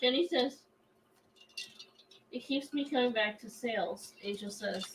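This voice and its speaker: A woman's voice: fairly high pitch, unhurried, slightly rough, poor audio. A woman co-hosting a craft livestream who reads out viewer comments in casual chat. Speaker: co-host reading viewer comments.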